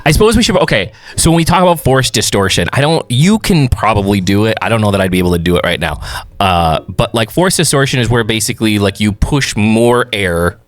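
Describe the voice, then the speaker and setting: Guy producer reacting to a music video, low voice, dry mic, talks a lot about vocals. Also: fairly quick, no room sound. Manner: animated, explains vocal technique at length. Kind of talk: casual reaction chat.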